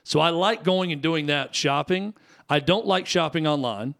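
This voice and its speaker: Chatty male radio co-host, fairly high. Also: normal speed, creaky, a bit bright. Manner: chatty storyteller, frequent restarts and fillers. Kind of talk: casual sports radio chat.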